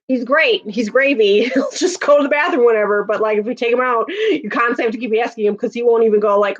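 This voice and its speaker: A woman's voice: fairly high pitch, fast. A woman in her thirties chatting casually on a livestream, laughing often and answering viewers' comments. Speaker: livestream host. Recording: dull lo-fi audio.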